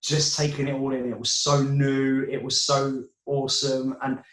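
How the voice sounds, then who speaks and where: A man's voice: mid-range voice, monotone, normal speed, a bit bright. Easygoing English man in a roomy space. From England. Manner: easygoing, thoughtful, some hesitations. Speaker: interview guest. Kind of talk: casual video interview. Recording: roomy echo.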